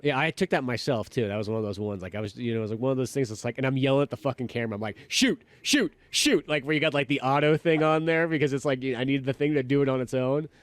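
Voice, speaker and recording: Male podcast co-host, quick and rambling, swears casually, dry close mic. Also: mid-range voice, no echo. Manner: animated, swears casually, rambling with many fillers. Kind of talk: casual chat.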